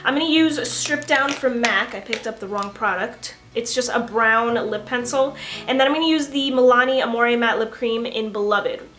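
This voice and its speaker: Young woman beauty vlogger, fairly high voice, chatty and giggly, faint music underneath. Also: moderate pace. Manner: animated storytelling, casual and giggly. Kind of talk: chatty makeup tutorial.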